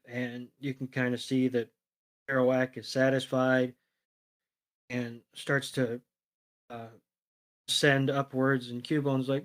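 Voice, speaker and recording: A man's voice: mid-range voice, flat delivery, slow, long pauses, fairly bright tone. A man co-hosting a podcast, loosely retelling an episode with fillers and casual swearing. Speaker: podcast co-host.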